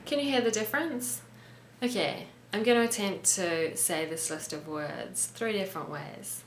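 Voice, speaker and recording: Lower-voiced New Zealand woman teaching English. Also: animated, measured pace, a bit bright, reverberant, slight background noise. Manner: clear, explanatory, modelling pronunciation. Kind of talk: casual explaining lesson.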